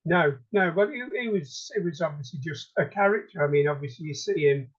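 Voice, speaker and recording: A man's voice: a little high, a little fast, breathy edge, highs cut off. A man on a podcast panel talking about a film, hesitant and thinking aloud. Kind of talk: casual film discussion.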